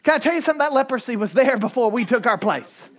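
A man preaching a sermon in a fiery style, often shouting with rising pitch, with a Southern American accent. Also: lively intonation, quick pace.

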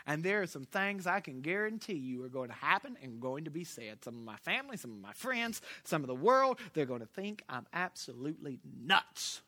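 A man preaching a sermon, telling a lively story with big swings between loud and hushed delivery. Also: a little high, normal speed, hardly any pauses, no room sound.

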